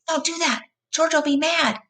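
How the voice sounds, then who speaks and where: Big simple childlike farmhand guy, read by a woman, slow drawl, gravelly tone. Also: mid-range voice, animated. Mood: pleading.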